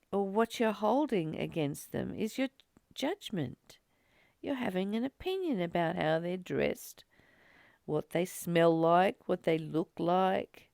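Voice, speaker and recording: A woman giving a reflective spiritual teaching, speaking in an animated storytelling way with occasional laughs. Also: medium pitch, vocal fry, dry recording, clean studio sound.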